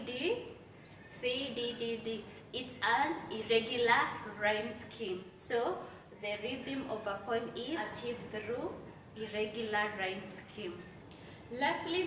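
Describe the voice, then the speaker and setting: A woman's voice: on the high side, a bit bright, distant mic, slight background noise. A woman teaching English literature at a board, explaining step by step and correcting herself as she goes. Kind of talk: classroom lesson at a board. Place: room with a board. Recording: very echoey room, away from the mic.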